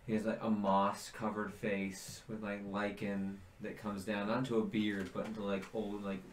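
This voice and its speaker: A man's voice: on the low side, level tone, moderate pace, a little hiss or hum. A man narrating a tabletop game as game master, rambling with many fillers as he searches for words. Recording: roomy echo.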